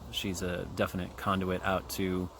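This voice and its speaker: Low, gravelly forties man from Kansas City, rambling casual podcast host, profane and full of fillers, faint trail noise behind. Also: completely flat delivery, moderate pace. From Kansas City, USA. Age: 40s. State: chewing gum. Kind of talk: casual solo podcast monologue. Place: outdoors on a trail. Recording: faint outdoor background noise.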